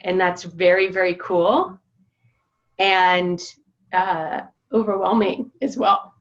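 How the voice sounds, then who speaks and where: A woman sharing her feelings over a group video call, halting and reflective with many pauses and restarts. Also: mid-range voice, fairly even intonation, muffled recording. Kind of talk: casual personal sharing.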